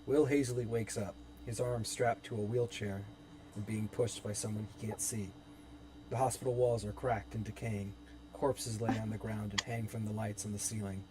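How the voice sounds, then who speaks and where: A man's voice: fairly low pitch, fairly even intonation, moderate pace, darkish tone, a little hiss or hum. A young man narrating scene directions evenly in a dramatic reading of his own horror script. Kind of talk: dramatic script table-read. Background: background music.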